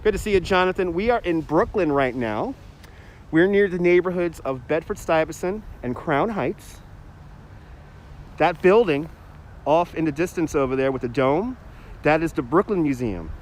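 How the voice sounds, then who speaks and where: A man's voice: a little high, expressive, normal speed. A man live streaming as he walks outdoors through a city park, chatting in a rambling way and answering viewer comments on a phone held on a gimbal. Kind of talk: casual walking livestream chat. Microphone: phone on a handheld gimbal.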